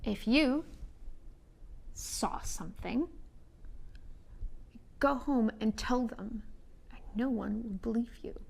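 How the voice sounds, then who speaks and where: A woman's voice: a little high, measured pace, vocal fry, rough recording. A woman voicing a stone-faced, deer-like forest woman who speaks curtly and guardedly. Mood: cold hushed.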